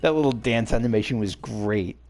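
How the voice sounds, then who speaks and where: A man's voice: medium pitch, a little fast, a little mellow. A man casually commenting on a game he is playing, chatty and enthusiastic, with faint game music behind. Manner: chatty, enthusiastic, self-interrupting. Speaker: let's play host.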